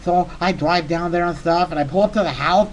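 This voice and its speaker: A performer voicing a small, childlike, excitable male character telling a comic story in a rambling, giddy way with lots of fillers. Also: medium pitch, fairly quick, a little hiss or hum, lightly acted, low-quality recording. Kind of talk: comedic monologue.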